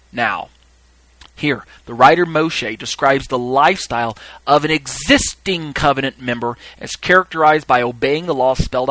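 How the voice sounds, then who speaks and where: A man's voice: mid-range voice, fairly bright tone, dry recording, low-quality recording. A man giving a podcast Bible teaching who reads scripture and his commentary aloud. He searches his notes with fillers and grows emphatic as he explains.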